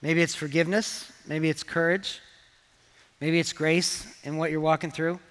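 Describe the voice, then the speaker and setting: A man's voice: a little high, level tone, normal speed, a bit bright, long reverb tail. A man preaching a sermon as pastor, earnest and conversational with touches of humor. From England. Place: church auditorium.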